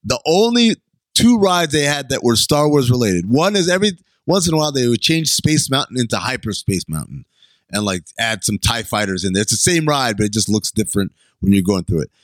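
A man's voice: medium pitch, a little fast, dry recording. A man co-hosting a podcast, chatting casually and animatedly about an episode. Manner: animated, reenacts lines in funny voices. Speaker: podcast co-host. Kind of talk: casual chat recapping an episode.

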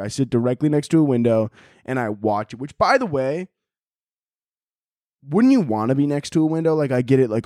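Male podcast host, profane rambling comic delivery, mid pitch, dry close-miked sound. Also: expressive, a little fast, warm tone, no echo. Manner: profane, rambling, laughs at own jokes. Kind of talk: casual comedic rant.

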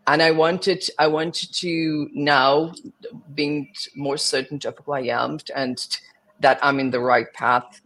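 A man's voice: on the high side, flat delivery, slow, a bit bright. A young adult man with a Brazilian Portuguese accent, a singer and actor answering interview questions and often restarting as he looks for words. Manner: searching for words, many restarts.

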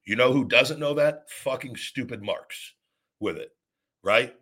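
A man's voice: mid-range voice, measured pace, sharp tone, breathy edge. A man hosting his own podcast, delivering a blunt, profanity-heavy rant with frequent restarts and repetition. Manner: repeats himself and restarts sentences. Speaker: podcast host.

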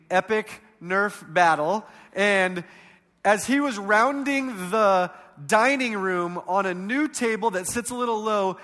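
A man in his thirties preaching a sermon, telling stories in a conversational way that swings between loud and hushed. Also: sits high, big-room sound.

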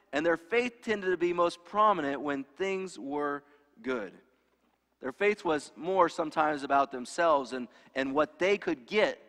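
A man's voice: a little high, a bit bright. A man preaching a sermon in a conversational way, asking his congregation rhetorical questions. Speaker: pastor. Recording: long hall reverb.

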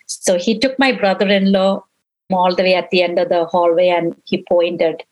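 A middle-aged woman, a grieving mother, slowly and emotionally recounting events in an interview and quoting what others said to her. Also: fairly low pitch, steady tone, a little mellow, poor audio.

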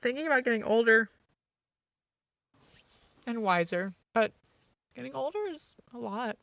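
Gravelly, chatty woman in her forties. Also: a little high, unhurried, fairly bright tone, dry recording. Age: 40s. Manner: chatty, rambling and emotional. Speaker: podcast guest, actress. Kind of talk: candid casual chat.

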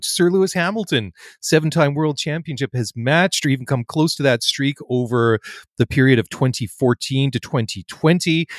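A man's voice: mid-range voice, no echo, clean studio sound. A man co-hosting a podcast, reading results and chatting loosely with many fillers and restarts. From not American. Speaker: podcast co-host. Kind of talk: casual podcast chat.

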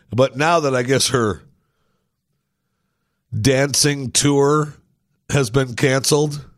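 A man's voice: on the low side, dry recording, studio quality. A man hosting a talk show, giving opinionated political commentary with indignant, sarcastic asides.

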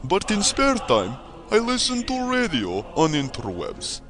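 A man's voice: high-pitched, measured pace, exaggerated voice. A man doing a boastful fake-Russian champion. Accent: put-on Russian. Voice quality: broken English, deadpan bravado. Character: boastful Russian male Rubik's Cube champion. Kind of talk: comedic radio promo. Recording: music bed behind.

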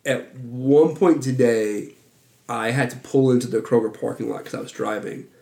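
A man's voice: mid-range voice, normal speed, creaky, warm tone. A man hosting a podcast in casual chat with his co-hosts, joking and rambling. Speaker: podcast host. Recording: roomy echo.

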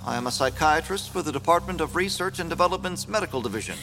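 An actor playing a calm, persuasive male psychiatrist who is secretly a villain in an audio drama. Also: on the high side, fast talker, soft background music. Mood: smooth. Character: smooth, self-assured male psychiatrist villain.

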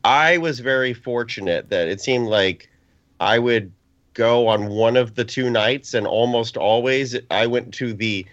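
A man's voice: mid-range voice, measured pace, fairly bright tone, no room sound. A man co-hosting a casual sports podcast, telling a rambling story and enjoying his own jokes. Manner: rambling storyteller, self-amused. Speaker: co-host. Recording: dull lo-fi, dry.

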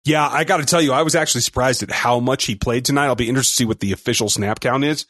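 A man co-hosts a sports podcast in a casual, upbeat way. His voice sits mid-pitch and moves along quickly. The sound is dry and close to the mic. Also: fairly bright tone, no echo. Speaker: podcast co-host.

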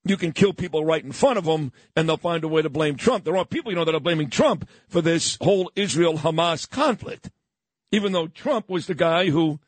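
A man hosting a morning talk radio show, loud, combative and ranting. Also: fairly high pitch, no room sound. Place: radio studio.

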